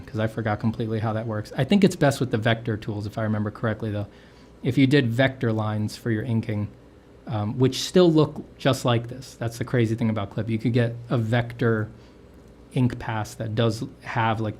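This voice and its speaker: Over soft background music, a man with a lowish, darkish voice talks fairly quickly in a steady tone while livestreaming a drawing session. He teaches inking and coloring in a casual, jokey ramble, often correcting himself mid-sentence.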